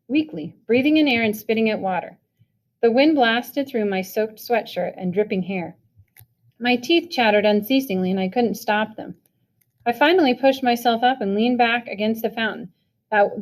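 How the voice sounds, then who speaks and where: A woman reading a novel chapter aloud. She narrates evenly, in a storytelling manner. Her voice sits at a middling pitch. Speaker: reader.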